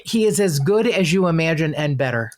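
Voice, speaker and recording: A woman's voice: deep voice, animated, brisk, darkish tone. A middle-aged woman from Southern California tells a story on her podcast in loose, casual chat. She swears freely and acts out the lines of the people she met. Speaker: podcast co-host.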